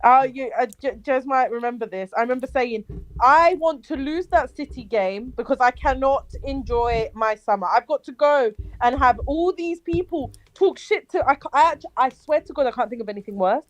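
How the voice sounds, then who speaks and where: A woman with a London accent chatting on a remote call about football, animated and swearing, tripping over her words. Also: high voice, moderate pace, poor audio. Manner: animated, swearing, self-interrupting. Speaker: panel guest. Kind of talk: casual football chat.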